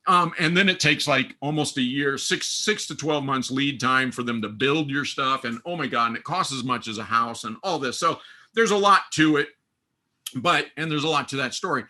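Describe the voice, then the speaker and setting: A man guesting on a podcast, telling stories in a lively way and acting out the voices of the people in them. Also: normal speed. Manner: lively, acts out quoted voices with big pitch swings. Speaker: guest, runs a training school. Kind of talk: animated podcast storytelling.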